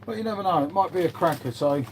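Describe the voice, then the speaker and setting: British man, slightly higher voice, casual livestream chat, swears a lot, greets viewers by name. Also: quick pace, a little mellow, slight background noise. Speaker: livestream host. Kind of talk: casual live-stream chat.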